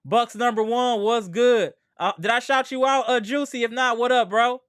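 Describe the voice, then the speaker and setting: A man's voice: extremely high pitch, fairly even intonation, normal speed, fairly bright tone, smooth, no room sound, clean studio sound. A man hosting a casual sports livestream, slangy and trash-talking as he greets chat viewers by name. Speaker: sports channel host.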